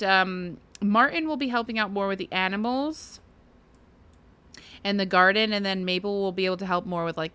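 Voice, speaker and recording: A woman's voice: mid-range voice, a bit bright, smooth. A woman casually commenting on her life-sim game as she plays, chatty and giggly, talking to her game characters. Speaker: gaming video host. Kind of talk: casual let's-play commentary.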